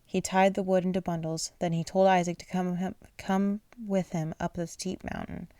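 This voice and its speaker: A woman's voice: lowish voice, flat delivery, normal speed, mellow, dry recording. A woman reading a children's bible aloud at bedtime, sleepy and yawning, often stumbling over words and apologizing. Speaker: reader.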